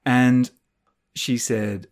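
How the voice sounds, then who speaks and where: A man co-hosting a teaching podcast in casual, jokey banter, quick to laugh. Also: medium pitch, level tone. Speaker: podcast co-host, English teacher.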